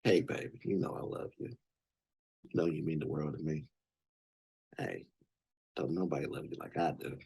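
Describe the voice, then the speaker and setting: A man voicing a magic ring as a smooth-talking male pimp, crooning in a low, hushed, sweet-talking murmur. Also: normal speed, long pauses, exaggerated voice. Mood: seductive.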